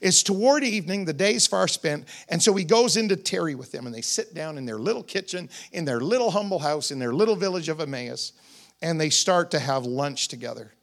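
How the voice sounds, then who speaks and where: A man's voice: on the high side, animated, fairly quick, vocal fry. A man preaching a sermon, retelling scripture as a story in a conversational way with humorous asides. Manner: dramatic retelling of scripture scenes. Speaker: pastor.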